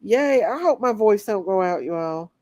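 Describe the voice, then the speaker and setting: A woman's voice: mid-range voice, animated, normal speed, a little mellow, no room sound. A woman hosting a casual livestream, sick and recovering, greeting viewers by name. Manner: greets viewers by name one after another. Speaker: livestream host.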